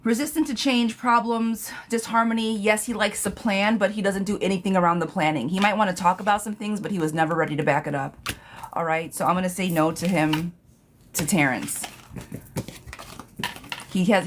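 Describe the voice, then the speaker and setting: A sassy, blunt woman gives a live tarot reading, swearing freely and chatting with viewers. Her voice sits low for a woman. Faint noise hums under the stream. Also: normal speed. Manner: chatty, laughs at her own jokes. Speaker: tarot reader.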